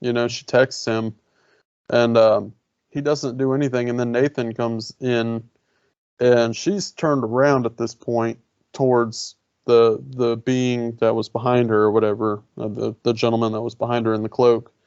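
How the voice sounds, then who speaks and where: A man's voice: mid-range voice, flat delivery, normal speed, a little mellow, clean tone, no room sound. A man co-hosting a film review podcast, chatting casually with enthusiastic, laughing interjections. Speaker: podcast co-host. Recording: dull lo-fi dry podcast sound.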